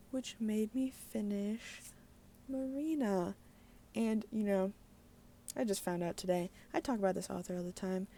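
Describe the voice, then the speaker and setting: A woman giving a casual daily book vlog in a mellow, relaxed voice. She talks candidly, with plenty of fillers and the odd swear word. Faint background noise sits under her voice. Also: mid-range voice. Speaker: book vlogger.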